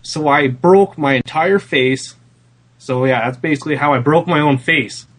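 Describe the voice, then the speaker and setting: A man's voice: on the high side, moderate pace, a bit bright. A man in casual podcast chat, telling a story in a laid-back, matter-of-fact way.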